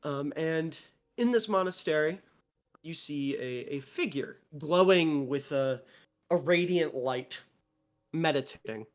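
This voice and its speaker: A man with a fairly high voice narrates a tabletop role-playing game as game master. He is loose and casual, with lots of fillers. The stream audio sounds muffled and lo-fi. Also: slow.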